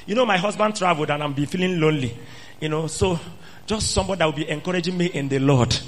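A man preacher voicing a scheming, seductive married woman who coaxes and pleads, then cries out in shrill accusation. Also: fast talker, close to an everyday voice. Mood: wheedling.

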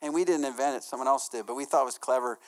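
Middle-aged male pastor, animated sermon delivery, acts out quotes, softens for stories. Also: mid-range voice, racing. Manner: lively, acts out quotes with laughs.

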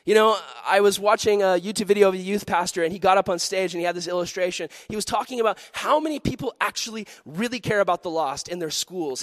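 High-voiced animated youth pastor, man. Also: no echo, studio quality. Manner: animated storytelling, acting out voices and shouts. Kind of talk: sermon.

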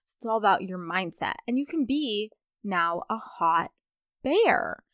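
A woman's voice: medium pitch, animated, measured pace, fairly bright tone, no echo, clean studio sound. A young adult woman hosting a casual solo podcast, chatting in a rambling way with playful asides. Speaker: podcast host.

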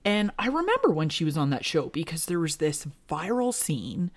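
A woman's voice: low-pitched, wildly swooping pitch, normal speed. A woman hosting a podcast, chatting casually and telling gossipy stories about the week's headlines. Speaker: podcast host. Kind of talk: casual chat.

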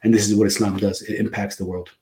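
Middle-aged male guest imam from New Jersey; low, relaxed storyteller who peppers in Arabic phrases. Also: quick pace. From New Jersey, USA. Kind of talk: casual interview talk.

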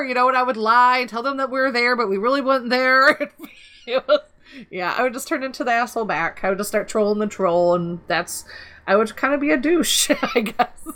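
A woman co-hosting a casual podcast, spinning stories with a bright, forward tone that sits a touch high. She laughs through her lines and swears without a second thought. Her delivery is loose and chatty. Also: fairly quick. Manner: animated storytelling, frequent laughter, swearing. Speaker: podcast co-host.

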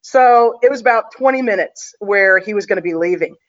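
A woman's voice: medium pitch, brisk. Chatty woman telling a story, muffled. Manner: chatty, confident, full of fillers. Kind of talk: casual storytelling.

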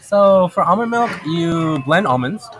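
A man's voice: sits high, animated, measured pace, a bit bright, slight background noise. A man co-hosting a casual podcast chat, rambling and easily sidetracked, laughing often. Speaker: podcast co-host.

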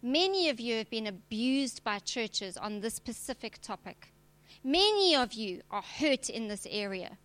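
A woman's voice: fairly high pitch, big pitch swings, measured pace, a bit bright. A woman preacher, giving a direct, emphatic sermon with touches of humor. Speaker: preacher and church leader.

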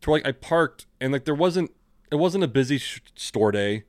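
The clip features a man co-hosting a podcast in loose, rambling conversation, swearing freely as he goes. He speaks at medium pitch, animated and at a moderate pace, in a dry, clean studio recording.

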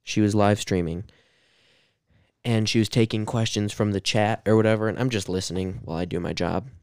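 A man's voice: fairly low pitch, steady tone, fairly quick, darkish tone, clear, resonant tone, dry recording, clean studio sound. A young man co-hosting a podcast, rambling casually with lots of fillers and frequent laughs. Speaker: podcast co-host. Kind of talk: casual chat.

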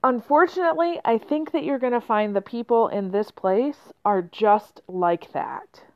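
A woman voicing a wise old man at a city gate, who answers travelers in a measured, knowing way in a storytold podcast. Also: a little high. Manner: measured, sits back before answering. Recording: slightly muffled lo-fi.

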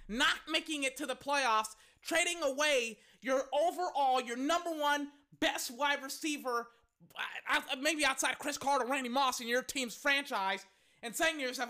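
An excitable fan commentator calling live football play-by-play, bursting out loudly on big plays and talking straight to listeners. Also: sits high. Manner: excitable, loud bursts, rapid asides to listeners.

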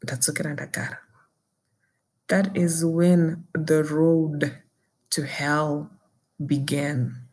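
A woman's voice: deep voice, steady tone, takes it slowly, long pauses, a little mellow, slightly rough. A young woman with a Zimbabwean accent, telling a personal ordeal in an intense, indignant way and switching between English and Shona. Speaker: podcaster recounting a personal ordeal. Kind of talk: emotional personal storytelling.

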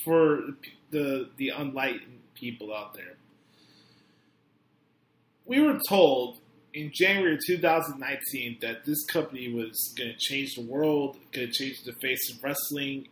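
A man hosting a podcast, ranting with profane exasperation that swings between low mutters and loud outbursts. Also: reverberant, poor audio. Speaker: podcast host. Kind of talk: angry podcast rant.

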